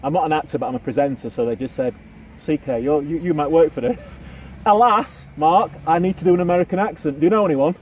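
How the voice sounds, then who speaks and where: A man presenting a YouTube vlog, chatting in a park, jokey and quick to laugh. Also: a little high, dark tone, slight background noise. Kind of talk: casual vlog chat. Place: outdoors in an urban park.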